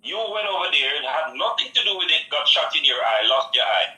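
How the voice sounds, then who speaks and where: A man's voice: a little high, big pitch swings, fairly quick, sharp tone. A man calling in to a talk show, earnest and preachy, repeating his points. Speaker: caller. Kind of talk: phone-in call. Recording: roomy distant phone line.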